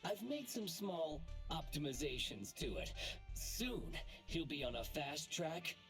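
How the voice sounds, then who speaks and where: A smug, gloating villain. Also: male voice, a little high, very animated, a little slow, fairly bright tone, heavily acted. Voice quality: smug, taunting. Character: gloating male villain AI seeking revenge. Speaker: game villain. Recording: game audio with music behind.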